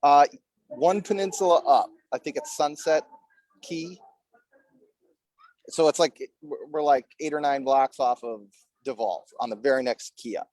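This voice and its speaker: Upbeat male co-host from Minnesota, slightly high voice, dry close recording. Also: unhurried, long pauses, darkish tone, no echo. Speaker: podcast co-host. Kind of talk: casual chat. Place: airport.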